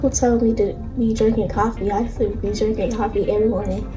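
A woman's voice: mid-range voice, fairly even intonation, quick pace, low-quality recording. A teenage girl, chatting casually to viewers at home on a phone camera. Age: teens. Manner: chatty, addresses viewers as y'all. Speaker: vlogger. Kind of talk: casual vlog chat. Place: home, indoors. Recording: loud music under the voice. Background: loud background music.

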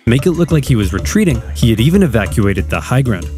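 Lively man narrating comic history. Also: medium pitch, fast talker, soft background music. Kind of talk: scripted comedic history narration.

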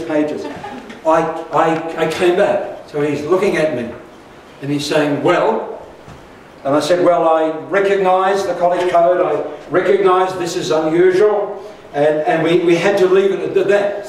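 An older pastor preaching a sermon, his fairly high voice carrying through a very echoey church hall. He is picked up from a distance and tells a personal story with humour and quick asides. A faint hiss sits under the recording. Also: a little mellow.

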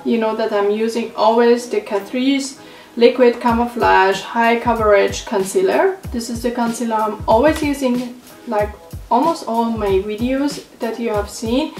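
A woman vlogger talking through a beauty haul in casual, halting English that is not her first language, with frequent fillers. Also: a little high. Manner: unhurried, halting non-native phrasing with many fillers. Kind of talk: casual product haul talk. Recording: roomy echo, mic at a distance, faint music.

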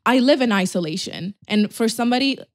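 A woman's voice: a little high, lively intonation, fairly quick. A young woman hosting a podcast, chatting candidly and animatedly, swearing and acting out quotes. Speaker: podcast host. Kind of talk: casual chat.

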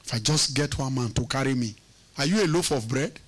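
A man's voice: mid-range voice, fairly quick. A man preaching a sermon as pastor, emphatic and teasing, using call-and-response questions and repeating words for effect.

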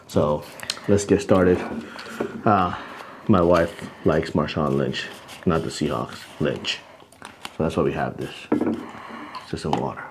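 A man with a deep, low-pitched voice talks loosely and easily to the camera, drifting through his thoughts with plenty of ums and uhs. He sounds middle-aged and hosts a casual family eating video, with a faint hum in the background. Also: slow, pauses often. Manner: relaxed, rambling, many fillers. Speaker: family vlog host. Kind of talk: casual mukbang chat.

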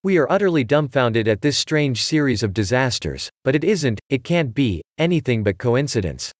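A man's voice: mid-range voice, big pitch swings, moderate pace, no echo, studio quality, natural voice. A man voicing a nervous, insistent young baronet of twenty-two.

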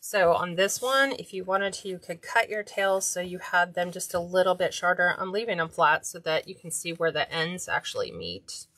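A chatty woman with a slightly low voice walks viewers through a craft project. She talks casually and mutters to herself as she works. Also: lively intonation, normal speed, hardly any pauses, fairly bright tone, no room sound. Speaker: craft tutorial host. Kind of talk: casual hands-on tutorial.

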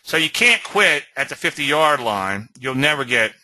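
Very bright, lively man explaining trades. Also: on the high side, unhurried, rough recording. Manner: animated, talks straight to viewers with frequent "okay?". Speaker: host of a weekly market chart show. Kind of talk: webinar-style trading commentary.

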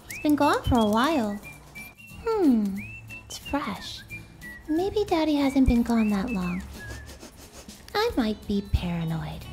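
A woman's voice: sits high, heavily acted. A woman voicing a chatty, bossy and forgetful little girl dog in a comedy web series, musing aloud and easily startled. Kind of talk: comedic voice-over. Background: music.

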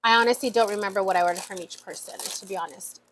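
A woman's voice: medium pitch, fast talker, a little hiss or hum. A woman vlogger chatting casually while opening mail, emotional and full of fillers. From USA. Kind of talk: casual chat.

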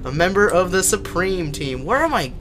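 A man's voice: high-pitched, big pitch swings, moderate pace, fairly bright tone. A young man live-streaming a horror game, swearing, yelping in fright and chatting to his viewers. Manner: jumpy, swears and yelps in fright, then chats to viewers.

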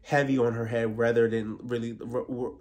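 A man's voice: medium pitch, little pitch movement, normal speed, a little mellow. A man giving a casual, opinionated recap of a reality TV episode, peppering his talk with "like". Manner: opinionated, filler-heavy with frequent "like". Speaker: TV recap vlogger.

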